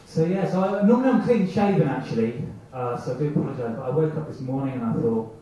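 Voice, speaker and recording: A man's voice: mid-range voice, expressive, quick pace, dark tone, recorded from a distance, a little hiss or hum. A man doing a rambling, self-mocking stand-up set at an open mic night, acting out the voices in his head. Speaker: stand-up comedian. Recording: echoey, muffled amateur club recording from afar.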